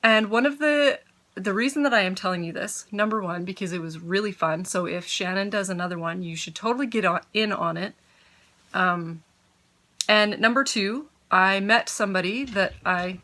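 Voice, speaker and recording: Bright-voiced chatty woman at home. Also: mid-range voice, moderate pace, slight background noise. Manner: chatty, grateful, easily sidetracked; talks with her mouth full. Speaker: knitting podcaster. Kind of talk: casual chat to camera.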